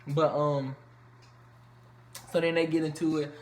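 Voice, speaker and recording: Reality TV reviewer, casual profane slang, mid pitch, recorded in an echoey room with faint noise. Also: level tone, measured pace. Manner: loose, profane, chatty slang with many fillers. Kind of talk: casual episode recap.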